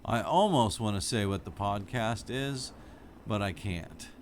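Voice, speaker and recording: A middle-aged man with a very low voice chats casually with his viewers while he plays, speaking into a studio microphone from his home setup. He rambles in a relaxed, sleepy way. A faint hiss sits underneath. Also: unhurried. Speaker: game streamer. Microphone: studio microphone with wired headphones.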